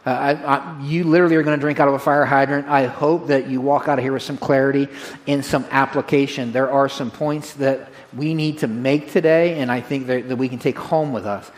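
A man preaching a sermon to his congregation in a direct, energetic, folksy way, repeating key phrases. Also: medium pitch, fairly quick. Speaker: pastor.

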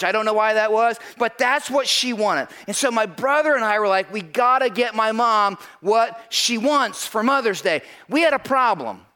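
Man, very high voice, bright and forceful, animated storyteller, speaking to a crowd. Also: smooth. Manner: animated storytelling, acting out voices, frequent "right?". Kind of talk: storytelling sermon to an audience.

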